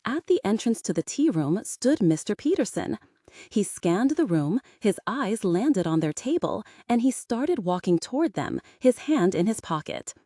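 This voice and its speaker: A woman's voice: mid-range voice, very animated, moderate pace, mellow, no echo, studio quality. Woman narrating an English-learner audiobook.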